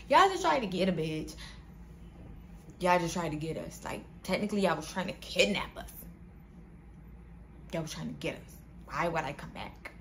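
Animated young woman telling a story. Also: on the low side, moderate pace, gravelly, long pauses, slight background noise. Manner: animated slangy storytelling, addressing viewers as y'all. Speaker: vlogger. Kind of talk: casual storytime vlog.

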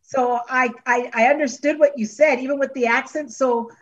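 A woman's voice: sits high, fairly even intonation, moderate pace, fairly bright tone, far from the mic, muffled recording. A woman coach giving effusive feedback to a singer, calling her honey and girl. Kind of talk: judge's feedback.

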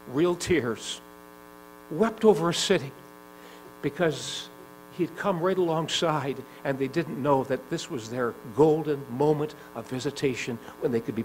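A male preacher delivering a sermon in a gospel hall, voice at an ordinary middle pitch. He repeats phrases and puts questions to the congregation, surging loud and urgent, then falling slow and quiet. A faint mains hum runs beneath the recording. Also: expressive. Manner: emphatic, swinging between loud urgent climbs and soft slow drops.

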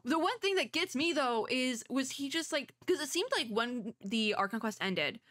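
A woman's voice: sits high, animated, moderate pace, a bit bright, dry recording, studio quality. A young woman streaming as a VTuber, reacting to a game in a chatty, emotional way full of fillers.

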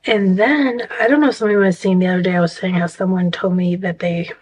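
A woman's voice: lowish voice, fairly even intonation, fast, darkish tone, breathy edge, poor audio. A woman vlogger telling a story in casual, rambling chat, exasperated and full of restarts.

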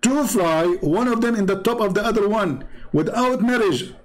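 Sex: man. Role: online commentator. Style: sarcastic video commentary. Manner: mocking, with a fairly high voice. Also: moderate pace, low-quality recording. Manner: mocking, sarcastic, laughs at own jokes.

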